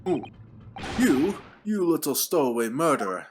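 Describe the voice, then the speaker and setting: A man voicing a gruff, hostile male sailor with a fake Russian accent, speaking blunt broken English over a noisy recording. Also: a little high, big pitch swings, measured pace, pitched above the performer's own voice. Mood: scornful. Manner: broken English with dropped articles, blunt and proud.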